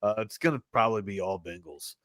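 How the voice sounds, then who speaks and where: A male sports talk host giving betting picks in a loose, excitable, slangy way. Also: fairly low pitch, quick pace, no room sound, clean studio sound. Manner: loose and excitable, slangy, says "man" a lot.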